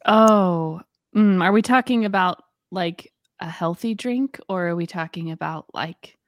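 Southern US woman co-host, lowish voice, dry close mic, chatty and affirming. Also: a little slow, no room sound. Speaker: podcast co-host. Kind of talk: casual faith podcast chat.

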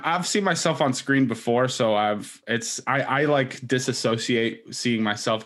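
A man's voice: lowish voice, a bit bright. A young man, a stand-up comedian, chatting loosely on a video call, rambling with lots of fillers. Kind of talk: casual interview chat.

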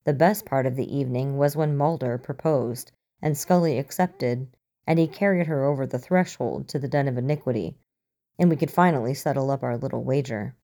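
A woman's voice: rumbling low, fairly quick, warm tone. A woman voicing a prim, smug bearded man in a tie, speaking precisely, in a storybook reading.

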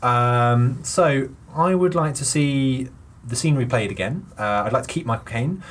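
A man's voice: mid-range voice, unhurried, a little hiss or hum. A man hosting a comedy podcast, directing improv in a chatty, upbeat, giggly way.

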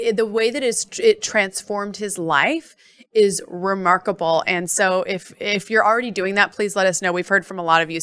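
A woman's voice: medium pitch, fairly bright tone. Chatty upbeat woman podcast co-host. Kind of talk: casual podcast chat.

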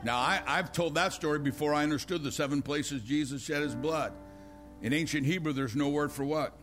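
A man's voice: on the high side, fairly quick, a bit bright, faint music behind. An older man preaching an impassioned, emphatic sermon.

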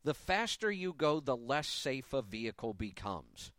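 A man's voice: medium pitch, sing-song, measured pace, a bit bright, no room sound, clean studio sound. A man in his fifties hosting a live talk radio show, giving an opinionated, emphatic monologue with a touch of sarcasm.

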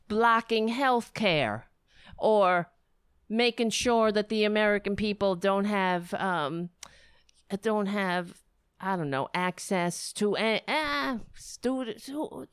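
A woman's voice: fairly high pitch, fairly bright tone, clean tone, dry recording, clean studio sound. A woman hosting a political commentary livestream, sarcastic and rambling, breaking into mocking impressions. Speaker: livestream host.

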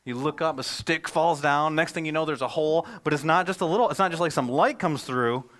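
A man, a pastor, preaching a sermon in a conversational, animated way, telling stories and asking rhetorical questions. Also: fairly high pitch, fairly quick.

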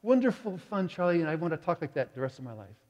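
Animated preacher in a reverberant church. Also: male voice, a little high, fast talker, lo-fi sound. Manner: animated storytelling with quoted voices. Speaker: pastor. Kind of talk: sermon. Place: church sanctuary.

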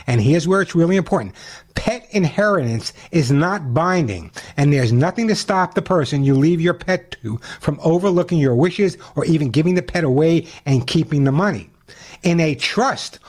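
A man hosting a call-in pet advice radio show, talking quickly and chattily, often restarting as he explains. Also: on the high side, darkish tone.

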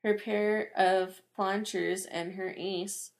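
A young woman in casual podcast chat with a gravelly, creaky edge to her voice. She talks in a chatty, playful way, often giggling, at an ordinary middle pitch. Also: steady tone, takes it slowly. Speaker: podcast co-host.

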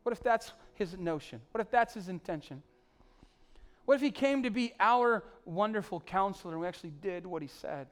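Male pastor, sermon, pleading and emphatic, voice a touch high. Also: lively intonation, moderate pace. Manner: pleading, rising to emphatic peaks then dropping soft.

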